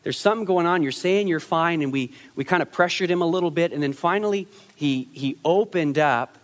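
Guy preaching a sermon, fairly high voice, lots of acted-out quotes, sounds like a big echoey hall. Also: a little fast. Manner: conversational, animated, acts out quotes with many restarts. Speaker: pastor.

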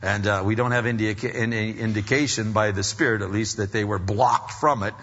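A man's voice: lowish voice, fairly even intonation, fairly quick, a bit bright, big-room sound, highs cut off. A man preaching a sermon in a folksy, conversational way, full of fillers and restarts. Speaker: pastor.

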